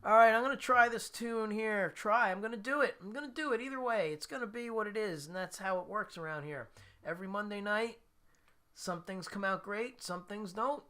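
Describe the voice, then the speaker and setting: A high, brisk voice that sounds pushed and bright comes from a guitarist hosting his weekly live stream. He keeps up a casual chat with viewers, reading comments aloud and frequently laughing at his own expense.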